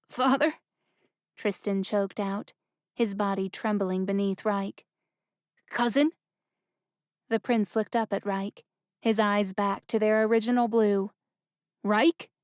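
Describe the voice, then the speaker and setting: A woman voicing a young male prince who shouts orders in a trembling voice, caught between grief and rage. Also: medium pitch, steady tone, slow, pauses often, no room sound, studio quality, close to an everyday voice. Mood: bewildered.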